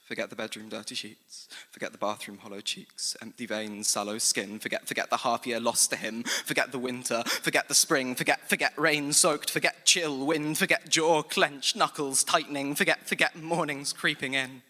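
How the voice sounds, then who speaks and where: A man's voice: mid-range voice, steady tone, normal speed, hardly any pauses, pushed and bright. A man with an English accent performing spoken-word poetry live on stage in an intense, rhythmic, incantatory way. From England. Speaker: slam poet. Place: large hall venue, live on stage. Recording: live performance with long hall reverb.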